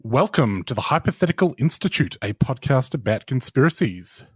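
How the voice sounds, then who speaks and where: A man's voice: medium pitch, very animated, moderate pace, slightly rough, dry recording. A man with an Australian accent hosting a podcast, talking in a joking, rambling way as he tells stories. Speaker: podcast host. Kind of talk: casual chat.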